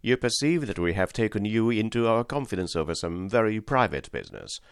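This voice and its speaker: A man's voice: on the low side, sing-song, fairly quick, gravelly, smooth, no echo, clean studio sound. A man voicing a sinister, giggling middle-aged male captor who speaks in a mocking, menacing way.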